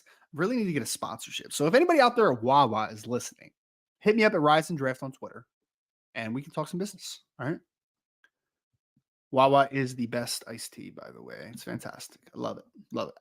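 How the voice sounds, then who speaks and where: A young man at a mid-range pitch co-hosts a live-streamed podcast. He talks in a loose, joking way and keeps drifting off track before he circles back. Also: fairly bright tone. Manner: rambling, easily sidetracked, joking. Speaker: podcast co-host. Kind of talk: live-stream casual chat.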